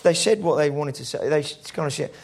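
Man preaching, chatty storytelling, slightly high voice. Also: fast, creaky, a little mellow. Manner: conversational storytelling, acts out quoted voices. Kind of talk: sermon.

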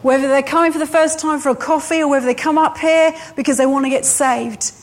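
A woman preaching a sermon to her church, slow and emphatic, driving her points home by repeating phrases. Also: high-pitched, steady tone.

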